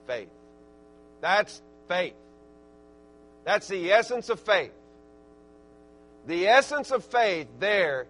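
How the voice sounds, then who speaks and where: A man with an Arkansas accent preaching a sermon, swinging from quiet asides to loud, emphatic peaks and restarting his words as he goes. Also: extremely high pitch, takes it slowly. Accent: Southern US, Arkansas.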